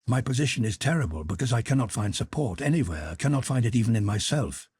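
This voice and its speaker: A man reading the part of a grieving, humiliated middle-aged nobleman, halting and full of self-pity. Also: medium pitch, sing-song, darkish tone, slightly rough, no room sound, studio quality. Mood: anguished. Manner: halting, self-pitying, anguished. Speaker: character in audiobook.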